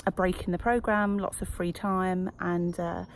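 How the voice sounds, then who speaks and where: Gravelly low-voiced woman vlogging. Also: little pitch movement, unhurried, slight background noise. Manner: chatty, reflective, many fillers. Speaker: coach. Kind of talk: casual vlog to camera. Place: wellness retreat.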